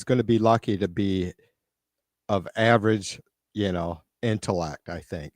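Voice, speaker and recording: A man's voice: lowish voice, unhurried, no room sound, studio quality. Profane, irritated man ranting on a live stream. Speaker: live stream host reading viewer comments. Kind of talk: casual live-stream rant. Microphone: computer mic on a live stream.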